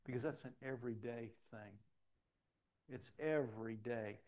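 A man's voice: medium pitch, fairly even intonation, normal speed, warm tone. An older man, a pastor, preaching a sermon in a conversational storytelling way with frequent restarts.

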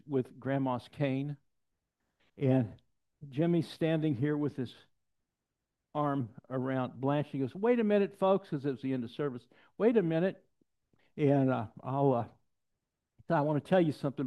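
A pastor preaching a sermon, telling stories with lively quoted voices and dropping to soft, intense passages. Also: male voice, medium pitch. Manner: storytelling, animated quotes, drops to soft intensity. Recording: dull lo-fi sound.

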